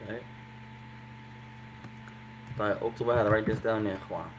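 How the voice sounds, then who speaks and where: A male Arabic teacher leading a class, switching between Arabic and English and repeating new words slowly for his students to copy. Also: on the low side, steady tone, slight background noise, low-quality recording. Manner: drills new words by slow repetition; mixes Arabic and English, addresses students as brothers. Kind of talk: language class instruction.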